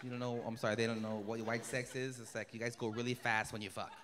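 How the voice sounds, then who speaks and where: A man doing stand-up comedy and crowd work on a club stage, talking in a lively way and slipping into voices for his characters. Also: medium pitch, fast, heavy background noise. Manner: animated, puts on voices for characters. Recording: live comedy club with loud crowd and long reverb. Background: loud audience laughter.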